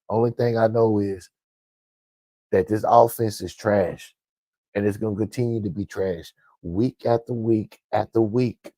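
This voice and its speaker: A man's voice: on the low side, fairly even intonation, a little slow, warm tone, no room sound. A man delivering blunt, profane fan commentary, ranting emphatically. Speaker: sports commentator vlogger.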